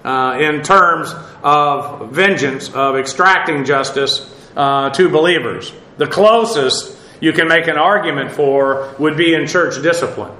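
A man preaching a verse-by-verse lesson in a bright, fairly high voice. He talks slowly and haltingly, with frequent pauses and filler sounds, and spells out Greek terms letter by letter. The sound rings around an echoey church hall. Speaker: pastor. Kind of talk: expository Bible teaching.

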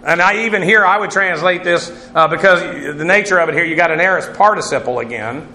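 A man's voice: high-pitched, quick pace, bright, forceful tone, reverberant. A man teaching a Bible class as its pastor, working through Greek words methodically, spelling them out letter by letter, with many "uh" fillers. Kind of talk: verse-by-verse Greek word study.

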